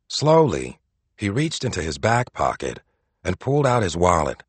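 A man narrates an audiobook in a low, husky voice that rises and falls with the drama. The recording is dry and close, with no room sound around him. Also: huge pitch swings, moderate pace, no room sound.

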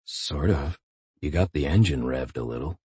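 Read by a man, a recovering injured man talks low and hushed, with a dry, teasing humor. The voice is deep, dark and husky. The recording is dry and close. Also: moderate pace, dry recording, exaggerated voice. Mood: wry. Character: wounded young man, wry and wanting.

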